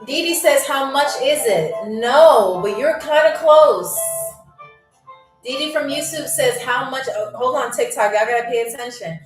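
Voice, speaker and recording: A woman with a fairly high, upbeat voice hosts a live game show stream, chatting and laughing as she reads out viewers' messages. She stretches out foreign words so everyone can follow. Her voice sounds a bit distant and echoey, with faint music playing underneath. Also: a little slow. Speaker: livestream game show host. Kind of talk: casual livestream hosting, reading out chat. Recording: echoey room, voice set back from the mic, faint music.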